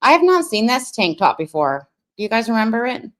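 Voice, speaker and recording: A woman's voice: a little high, sing-song, brisk, a little hiss or hum. A woman hosting a reaction video, giving sarcastic commentary over a clip with mocking, dry asides.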